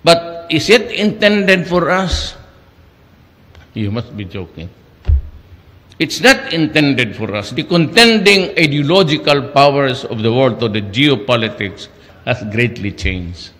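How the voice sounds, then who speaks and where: A man's voice: mid-range voice, lively intonation, a little slow, a bit bright. A man with a Filipino accent giving a rambling speech, switching between English and Tagalog and firing off rhetorical questions. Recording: long hall reverb.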